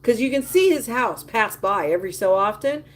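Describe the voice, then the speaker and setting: A woman's voice: mid-range voice, expressive, moderate pace. A woman hosting a casual livestream, gossiping emphatically and reacting indignantly to viewer comments. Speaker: livestream host.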